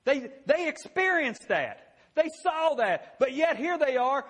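High-voiced folksy man preaching. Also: sing-song, a little slow, fairly bright tone. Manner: folksy, conversational, repeats "you know what?". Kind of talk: sermon.

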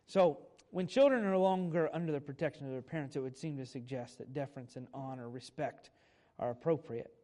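A man in his thirties preaching a sermon in a conversational way, with dramatic pauses and frequent self-corrections. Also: mid-range voice, dark tone. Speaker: pastor.

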